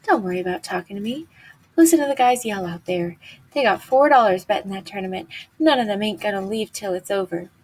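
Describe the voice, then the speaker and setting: A woman's voice: mid-range voice, animated, brisk, a little mellow, breathy edge, poor audio. A woman reading as a lonely, coaxing young ranch wife. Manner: coaxing, chatty.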